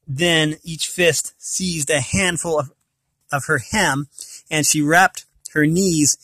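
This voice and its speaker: A man with a fairly high voice reads a storybook aloud, stopping now and then to correct a word. The recording is close and dry, with no room sound. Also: pushed and bright, dry recording. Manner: stumbles and corrects himself mid-sentence. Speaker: reader of a novel.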